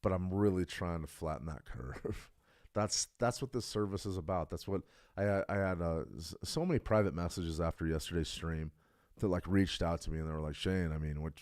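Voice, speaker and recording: Middle-aged man, very low voice, dry close mic; blunt streamer who gets loud and emphatic. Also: normal speed, no room sound. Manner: blunt, emphatic, builds to excited outbursts. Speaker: trading stream host. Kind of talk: casual livestream talk.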